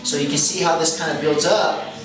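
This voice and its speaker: The recording picks up echo, music behind, and a mic set at a distance. A fitness coach with a fairly high pitch and fairly even intonation speaks fairly quickly, methodically explaining a training method while repeating key phrases and self-correcting.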